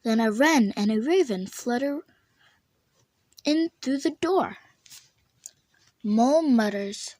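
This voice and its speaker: Slow, expressive woman reading a storybook. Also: a little high, dry recording. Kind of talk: storybook read-aloud.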